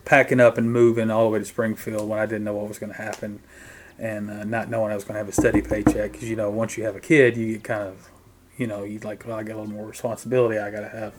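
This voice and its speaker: A man's voice: lowish voice, little pitch movement, fast talker. A middle-aged man, a drummer, casually recounting his band days in an interview, mimicking the people he quotes. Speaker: guest musician, drummer.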